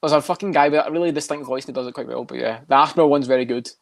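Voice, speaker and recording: Fast-talking Scottish man, casual chat. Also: medium pitch, vocal fry, dry recording. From Scotland. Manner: swears constantly, quick and chatty. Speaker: podcast co-host.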